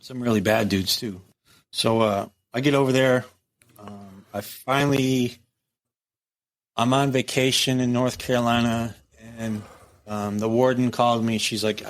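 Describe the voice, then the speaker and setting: This former prison captain, a middle-aged man, talks at a measured pace in a mid-range voice during a relaxed interview. Cursing liberally, he brings his war stories to life by performing each line of quoted dialogue.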